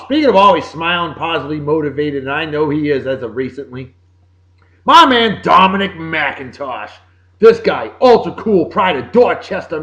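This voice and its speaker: A man with a Boston accent, somewhat high for a man, hosts a casual home-made show with jokey, upbeat, sing-song greetings. His pitch swings widely. The recording sounds dull and lo-fi. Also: fairly bright tone. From Massachusetts. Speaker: podcast host. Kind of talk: casual birthday shout-outs.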